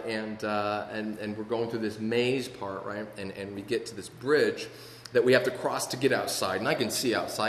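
A fairly low-voiced man shares his recovery story in an earnest, halting way, circling back with repeated words and restarts. His voice rings out through a large, reverberant hall, with a faint hum of room noise behind him. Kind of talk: personal testimony talk.

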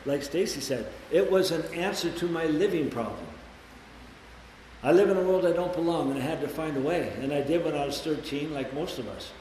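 A man in his twenties tells his story to a meeting, slightly higher-voiced than most men. He swears casually and jumps up high when he acts out voices. The sound is very echoey, with a long hall reverb and a faint hiss underneath. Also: fairly quick, darkish tone. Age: 20s. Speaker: recovery meeting speaker. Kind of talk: personal recovery share to a group.

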